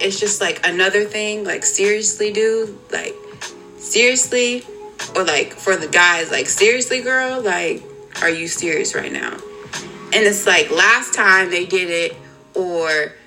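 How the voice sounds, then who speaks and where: A woman's voice: mid-range voice, bright, forceful tone, low-quality recording. A young adult woman co-hosting a podcast, chatting casually and expressively, often laughing. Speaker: podcast co-host. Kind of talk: casual chat.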